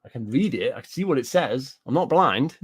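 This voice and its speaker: A British man in the middle of a gaming-news rant, with a voice pitched squarely in the middle range. He swears freely, circles back over the same points and breaks off to answer people in his chat. The delivery stays loose and conversational. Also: expressive, a little fast, slightly rough. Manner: ranting, profane, repeats himself, answers live chat. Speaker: gaming commentator. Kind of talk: casual reaction commentary.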